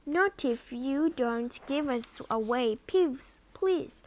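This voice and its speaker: A woman's voice: sits high, animated, takes it slowly. A woman voicing a bossy, clever schoolgirl who speaks urgently and snappishly.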